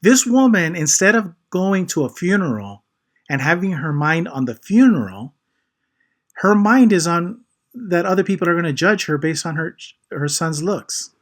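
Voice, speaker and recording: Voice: mid-range voice, lively intonation, moderate pace. A host in a casual chat who makes emphatic points and keeps the conversation moving. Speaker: channel host.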